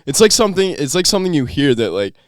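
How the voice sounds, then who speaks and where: A man's voice: fairly high pitch, sing-song, fast talker, dry recording, studio quality. A young man co-hosting a podcast in casual chat, laid-back, swearing casually and agreeing often. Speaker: podcast co-host.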